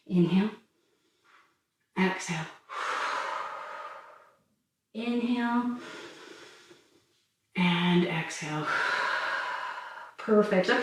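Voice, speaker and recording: A woman fitness instructor calmly talking listeners through a stretching cool-down while doing it herself. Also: mid-range voice, a little hiss or hum. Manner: calm, encouraging cues while demonstrating stretches. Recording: very echoey room, mic far off.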